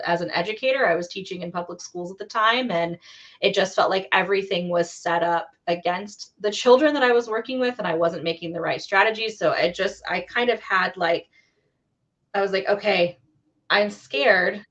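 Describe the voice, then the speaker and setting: A woman tells a long personal story in a relaxed, chatty way, full of fillers and restarts. Her voice sits a little low. The audio is dull and lo-fi. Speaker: guest, teacher. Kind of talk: casual storytelling chat.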